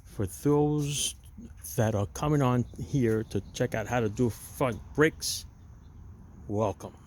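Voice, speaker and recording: A man's voice: mid-range voice, takes it slowly, a little mellow, a little hiss or hum. A man hosting a casual do-it-yourself car repair walkthrough, talking to viewers as "people" and giving blunt, opinionated advice while working outdoors at a parked car. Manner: chatty, addresses viewers as "people". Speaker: DIY car repair channel host.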